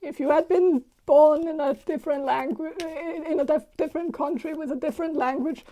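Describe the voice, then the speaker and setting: A woman doing a casual tarot reading, talking hesitantly with many pauses, fillers and restarts. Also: sits high, fairly even intonation, mellow. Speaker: tarot reader.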